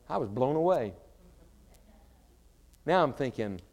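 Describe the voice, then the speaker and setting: A man preaching a sermon, swinging between shouted fervor and quiet storytelling. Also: medium pitch, expressive, measured pace, pauses often. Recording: reverberant large hall.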